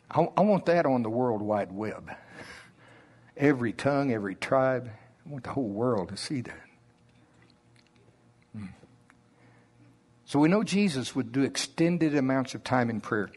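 A man preaching a sermon in a slow Oklahoma drawl, deliberate and conversational. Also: medium pitch, a little mellow, breathy edge.

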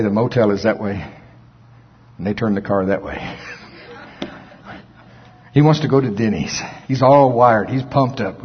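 A man preaching a storytelling sermon and telling folksy, animated anecdotes. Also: medium pitch, long reverb tail, muffled recording. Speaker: pastor.

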